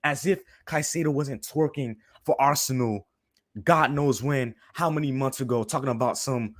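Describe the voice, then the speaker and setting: A young fan channel host rants furiously on a live stream, fuming, heated and repetitive, calling everyone "bro" constantly as he vents. His ordinary-pitched voice moves at normal speed through a close microphone, completely dry with no room sound.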